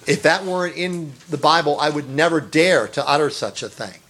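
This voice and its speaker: A man's voice: a little high, moderate pace, hardly any pauses, a bit bright, slight background noise. Man preaching an earnest sermon. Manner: earnest, emphatic preaching with repeated words and rising exclamations. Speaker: pastor.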